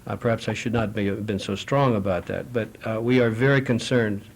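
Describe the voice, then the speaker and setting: A middle-aged man speaking at a foreign affairs forum, answering audience questions in a measured, anecdotal way with frequent restarts. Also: on the low side, fairly even intonation, slight background noise.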